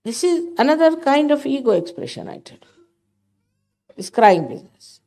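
A woman's voice: sits high, big pitch swings, moderate pace, warm tone. An older woman giving a spiritual talk to her followers, emphatic and motherly, often scolding. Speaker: spiritual teacher.

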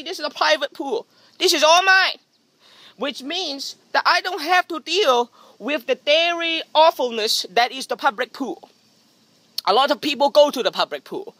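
A man's voice: extremely high pitch, no room sound. A man doing a sarcastic, jokey vlog monologue outdoors by a pool, recorded on a phone's front camera. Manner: sarcastic, deadpan jokey self-mockery. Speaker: vlogger. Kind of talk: comedic rambling vlog monologue. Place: outdoors beside a private pool.

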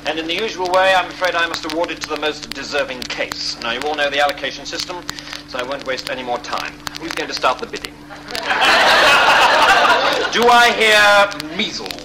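An actor playing a brisk male hospital doctor who rattles off bids like an auctioneer in a comedy sketch. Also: on the high side, lively intonation, natural voice. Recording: noisy old TV sketch recording.

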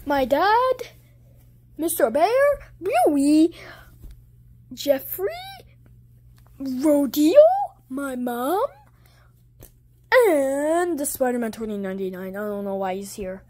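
A high-pitched woman narrates homemade movie trailers with a very slow, drawn-out delivery. Her voice leaps up and down constantly as she plays around with different character voices. The tone stays playful throughout. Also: expressive, warm tone. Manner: playful, switching between many character voices.

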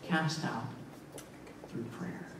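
A man voicing a sorrowful teacher, speaking quietly and slowly with solemn weight. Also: medium pitch, a little hiss or hum, voice pushed down. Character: grave sorrowful man rebuking gently. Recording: echoey church hall, mic far off.

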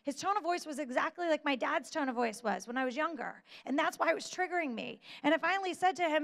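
A woman speaks in a high register, giving a motivational talk from a stage. Her delivery is deliberate and emphatic, with pauses that let key points land. A long reverb trails behind every phrase, as in a large hall. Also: animated, vocal fry, fairly bright tone.

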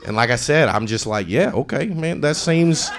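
With a crowd audible behind him, a male comic tells an improvised story into a handheld mic at a club. His mid-range voice is animated and moderately paced, leaping from loudly performed quotes to quiet, mumbled side remarks.

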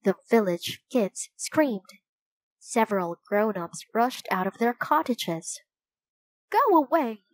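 A woman narrating a storybook in a calm, even way. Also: mid-range voice, slow pace, no room sound. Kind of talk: storybook reading.

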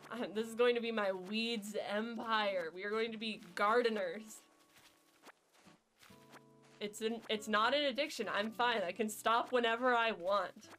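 A woman with a fairly high voice chats to her stream viewers in a loose, jokey, rambling way. Faint game music runs underneath her. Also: fairly bright tone. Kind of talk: casual gameplay chat.

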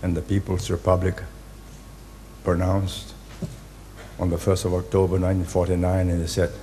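A man, giving a public speech in deliberate, halting phrases and hitting key words hard. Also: low voice, completely flat delivery, mellow, a little hiss or hum. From Singapore. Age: 80s. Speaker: invited speaker.

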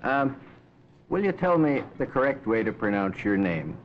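A man's voice: medium pitch, sing-song, normal speed. A man interviewing a guest with polite, courteous questions in a formal broadcast manner. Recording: dull lo-fi 1950s recording with faint hiss.

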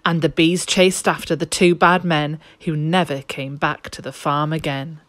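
A woman, a nursery teacher, reading a picture book aloud in a lively, expressive way. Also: low voice, normal speed, no echo.

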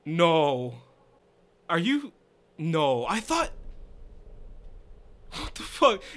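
A young man streaming a game, reacting loudly, swearing and laughing often. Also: fairly high pitch, sing-song, extremely slow, long pauses. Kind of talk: let's play commentary.

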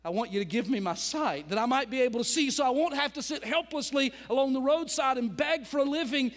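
A man voicing a desperate blind beggar who shouts and pleads for help, in a church with long reverb. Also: very high-pitched, very animated, normal speed, pitched above the performer's own voice, full character voice. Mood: earnest.

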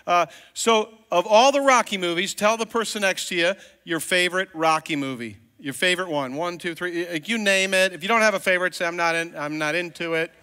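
A man's voice: high-pitched, brisk, hardly any pauses, pushed and bright. A male pastor preaching a sermon in a casual, joking, conversational way from a church sanctuary. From Virginia, US. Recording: long reverb of a church hall.

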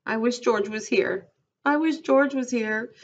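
Brief: woman reading a gentle, simple-minded big man, childlike and pleading, low voice. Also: animated, normal speed, slightly rough, lo-fi sound.

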